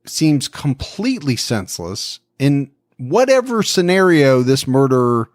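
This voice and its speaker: A man's voice: mid-range voice, big pitch swings, no room sound, studio quality. A man co-hosting a true-crime podcast, talking through a case in a musing, conversational way. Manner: musing, conversational, quick to laugh. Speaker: podcast co-host.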